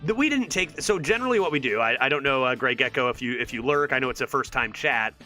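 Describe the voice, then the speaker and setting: A man giving live commentary on a card game to his chat, thinking aloud with exasperated sarcasm. His pitch swings widely and his tone is bright and forceful. Faint music plays behind him. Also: animated, fast talker. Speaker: streamer.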